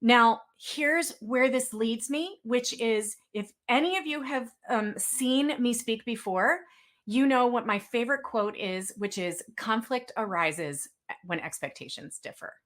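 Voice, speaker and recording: A woman's voice: on the high side, a little slow. Chatty woman giving a webinar talk. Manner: chatty storytelling, acts out quoted exchanges. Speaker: webinar speaker. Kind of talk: webinar presentation.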